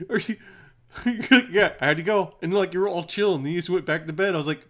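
Casting: male co-host, teasing, laughs a lot, very lively pitch. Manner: laughs often, teasing reactions. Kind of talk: casual podcast chat.

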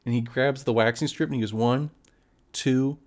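A man's voice: medium pitch, quick pace. Young man, podcast co-host, casual storyteller who laughs a lot, mid-range voice. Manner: laughs often, acts out friends' voices.

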